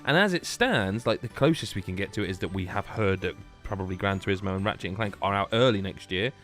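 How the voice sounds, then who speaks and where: A man's voice: on the low side, lively intonation, fast, a bit bright, soft background music. A man hosting a casual podcast chat, jokey and rambling as he reads out lists. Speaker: podcast host.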